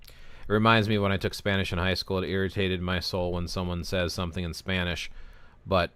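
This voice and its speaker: A young man hosting a game stream, talking loosely with his chat. His voice sits a little low, and he rambles, restarts and loops back mid-thought. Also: flat delivery, fairly quick, a bit bright, clean tone, no room sound. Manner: rambling, self-interrupting storyteller. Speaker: gaming livestream host. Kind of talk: casual chat with viewers.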